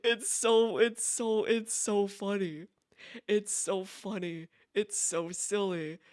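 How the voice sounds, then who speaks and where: A man's voice: sits high, steady tone, slow, clear, resonant tone, no room sound, clean studio sound. A man streaming, chatting casually and giggling, often repeating himself and restarting as he talks. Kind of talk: casual chat.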